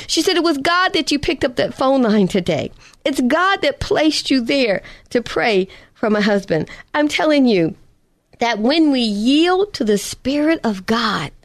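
Fervent woman preacher telling a testimony. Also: high-pitched. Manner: fervent, rhythmic storytelling with slowed emphatic phrases. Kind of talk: testimony sermon.

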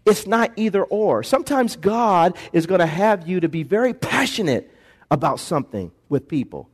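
A man pastor preaching a lively sermon in a church, acting out voices and calling for responses from the congregation. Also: high-pitched, moderate pace, slightly rough. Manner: animated preaching, acts out voices, call-and-response.

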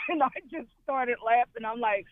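A man's voice: extremely high pitch, moderate pace, narrow, tinny audio. A man co-hosting a sports radio show, telling a story casually and laughing.

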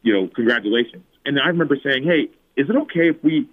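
A man in his thirties, a former pro football player, telling a personal story as a podcast guest and acting out his own past words. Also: fast talker. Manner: animated, acts out his own past words with big pitch jumps. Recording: phone-like narrow audio.

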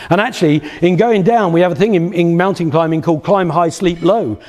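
A man's voice: high-pitched, fairly quick, a little mellow. A man giving a live motivational business talk, telling anecdotes and repeating phrases for rhythm. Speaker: business speaker. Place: lecture hall at a live event. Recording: long hall reverb.

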